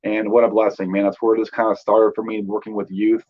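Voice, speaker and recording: Man in his 30s, low monotone voice, casual talk full of fillers, dull lo-fi recording. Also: brisk. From Northern California. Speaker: guest. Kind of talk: telling his life story.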